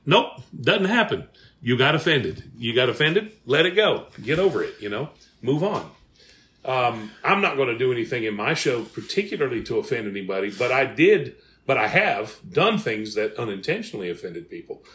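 A man's voice: mid-range voice, sing-song, normal speed, fairly bright tone. A male podcast host, telling stories in a folksy, drawling way and reading sponsor ads. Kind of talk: casual chat with ad reads.

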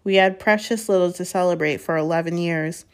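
Gentle old wizard, read by a woman. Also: on the low side, fairly even intonation, natural voice. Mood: calm. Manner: gentle, unhurried. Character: calm gentle old male wizard headmaster.

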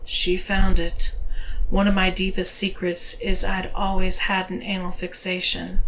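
A woman narrating an erotic audio story in a slow, hushed voice, sometimes dropping to a whisper. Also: fairly low pitch, completely flat delivery, a little hiss or hum, low-quality recording.

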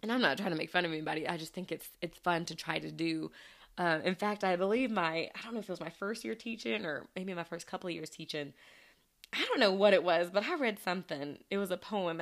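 A young woman chats casually on her podcast. She wanders through her thoughts with frequent restarts, and laughter bubbles up often as she talks. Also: fairly low pitch. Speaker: podcast host and former teacher. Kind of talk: casual chat.

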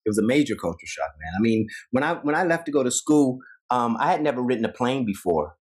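Fast-talking, animated Ohio man. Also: mid-range voice, slightly rough. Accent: Dayton, Ohio. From Ohio, USA. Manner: animated, acts out quoted voices, says "man" often. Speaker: actor, interview guest. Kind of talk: casual interview storytelling.

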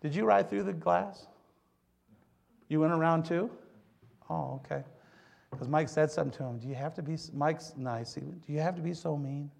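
A middle-aged pastor preaches a sermon in a slightly high, gravelly voice that's a little mellow, speaking at normal speed with long pauses. He addresses the congregation directly, blending scripture with folksy jokes about his own life.

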